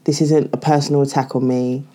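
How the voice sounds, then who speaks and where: Woman, low voice, candid chatty storytelling, lots of "like". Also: flat delivery, a little fast, mellow. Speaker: guest. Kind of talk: casual podcast chat.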